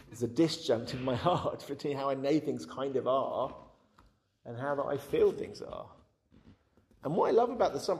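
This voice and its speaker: Gravelly-voiced man giving a Bible talk. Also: medium pitch. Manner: frank, animated, repeats words, acts out quotes. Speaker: Bible teacher.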